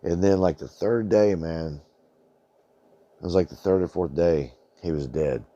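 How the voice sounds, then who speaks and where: Casting: middle-aged man, deep and mellow, loose rambling storyteller who swears a lot. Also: measured pace, dry recording, dull audio. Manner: rambling, colloquial, swears freely, says "man" often. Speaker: channel host. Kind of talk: casual storytelling monologue.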